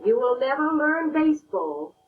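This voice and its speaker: A frank young boy ballplayer who says things straight, his voice a bit raised and lively, as a woman reading a storybook puts him on. Muffled lo-fi recording, faint music behind. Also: high-pitched, moderate pace, recorded from a distance, voice pushed up. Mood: blunt.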